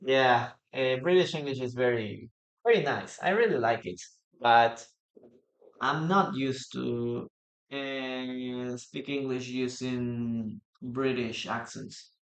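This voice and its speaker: An English teacher whose first language is Spanish leads a live-streamed lesson, speaking slowly in a mid-range voice. He repeats words slowly for pronunciation and reads out the chat, all in a room with a roomy echo.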